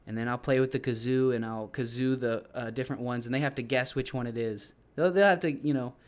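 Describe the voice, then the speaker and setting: A man's voice: mid-range voice, steady tone, brisk. A man who teaches English, casually explaining his classroom activities to other teachers in a loose, rambling way with frequent restarts.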